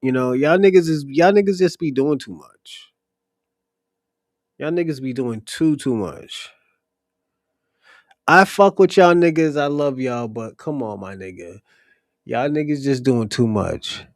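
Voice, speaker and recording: A man's voice: fairly high pitch, animated, slow, long pauses, no room sound, clean studio sound. A man hosting a livestream, talking bluntly and profanely straight to his chatters. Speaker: livestream host answering chat. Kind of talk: casual ranting commentary.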